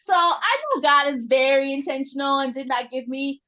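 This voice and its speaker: A woman in her forties from Chicago, chatting casually on a podcast and telling animated stories full of acted-out quotes. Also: high voice, normal speed, rough recording. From Chicago, USA. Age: 40s. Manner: animated storyteller who acts out quoted people.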